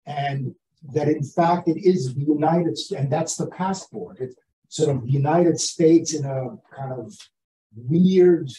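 An older man speaking as an author at an academic seminar, talking in a halting way with many restarts and fillers. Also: on the high side, mellow. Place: seminar room. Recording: roomy, distant from the mic.

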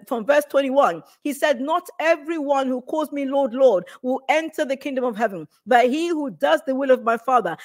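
Woman, middle-aged, prophetic sermon, urgent, repetitive, fervent, fairly high voice. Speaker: preacher sharing a prophetic word.

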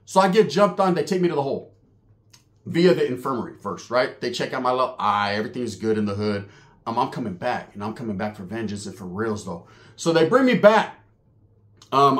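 A man telling a prison story in casual, profane, slang-heavy street talk. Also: a little high.

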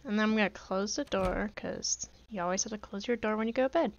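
Rattling along quickly at medium pitch, a female gaming creator jokes and chats to herself in casual let's-play commentary, complete with mock pleading. The top end of the audio is cut off.

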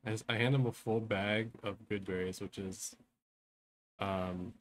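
A man's voice: fairly low pitch, fairly even intonation, a little slow, slight background noise. Young man playing a tabletop game. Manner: hesitant, filler-heavy talk. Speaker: player. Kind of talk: casual tabletop game play.

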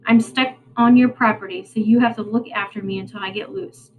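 A woman's voice: medium pitch, fairly even intonation, fairly quick, a little hiss or hum, natural voice, rough recording. Lady doing a snotty bossy boy, sneery and impatient, storybook voice. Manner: sneering, sharp-tongued. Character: rude bossy boy stuck in the ground.

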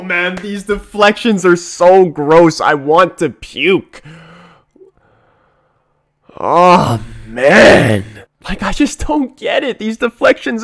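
Filming his own live reaction to a football match, a high-pitched young man mutters under his breath one moment, then shouts and swears the next.

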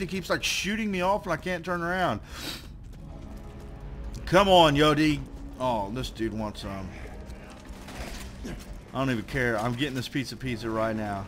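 A young man giving loose commentary on his own gameplay, swearing a lot, muttering to himself and yelling at enemies when they hit him. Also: medium pitch, animated, unhurried, pauses often, a little hiss or hum. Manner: swears often, trash-talks enemies; yells in frustration when hit. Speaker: let's play gamer. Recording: game music playing behind.

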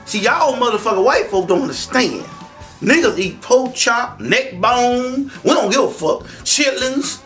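A man telling profane stand-up comedy stories in a loud, animated way, often breaking into shouts. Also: very high-pitched, unhurried. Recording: distant mic, faint music behind.

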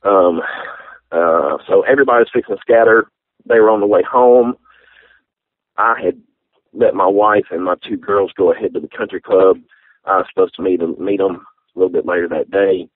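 Man in his forties, deep husky voice, halting heartfelt testimony over a dry, tinny phone-like recording. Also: dry recording. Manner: halting, heartfelt, many fillers. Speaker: interview guest. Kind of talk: personal testimony.

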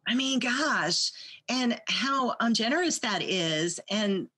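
A woman from Mississippi, an artist guest on a podcast, talks slowly and unhurriedly. She rambles, full of fillers and restarts. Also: a little high, animated, sharp tone, husky. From Mississippi, USA. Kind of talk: casual interview chat.

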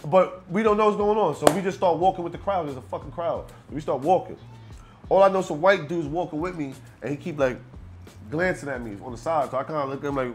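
A man's voice: on the high side, fast talker, faint music behind. A man from Brooklyn with a Brooklyn accent, a rapper telling a story as a guest and acting out the other people in it. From Brooklyn, New York. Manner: animated, acts out the other people in his story, keeps asking "you know what I'm saying". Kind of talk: storytelling in a casual interview.

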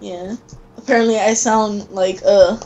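A woman's voice: medium pitch, steady tone, measured pace, warm tone, dull audio. A young woman chatting while playing a video game, teasing and giggly, and she has the hiccups. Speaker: gamer. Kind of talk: casual gameplay chat. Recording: faint background noise.

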